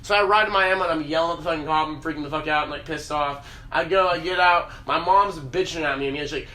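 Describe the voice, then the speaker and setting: A man's voice: a little high, quick pace, few pauses, bright, forceful tone. A young man telling a story as a podcast host, casual and profane, rambling along. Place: podcast room. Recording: roomy echo, faint hiss.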